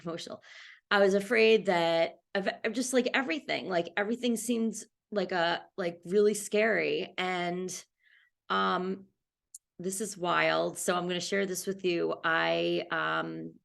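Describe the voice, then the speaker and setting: A woman's voice: fairly low pitch, gravelly, fairly bright tone. Candid woman in her forties telling her story. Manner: candid, with frequent fillers and restarts. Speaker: cancer survivor sharing her story. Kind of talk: personal storytelling interview.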